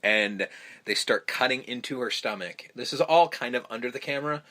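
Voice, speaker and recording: A man's voice: medium pitch, moderate pace, sharp tone. A man hosting a podcast, recapping a film in casual, rambling chat full of ums, restarts and swearing. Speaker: podcast host.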